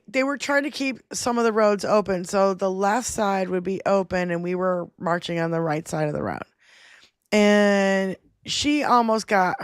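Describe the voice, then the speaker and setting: A woman co-hosting a livestream, telling a story loudly and profanely in casual chat over a computer mic. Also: mid-range voice, no room sound, studio quality. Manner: loud, profane, animated retelling. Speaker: livestream co-host.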